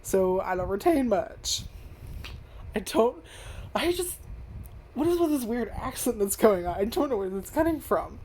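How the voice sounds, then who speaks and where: A woman's voice: fairly high pitch, expressive, a little slow, long pauses, a little mellow, a little hiss or hum. Rambling, foul-mouthed woman reviewing anime. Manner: rambling, profane, lots of fillers. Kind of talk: casual video review. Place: at home in front of a webcam. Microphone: webcam zoomed in on face.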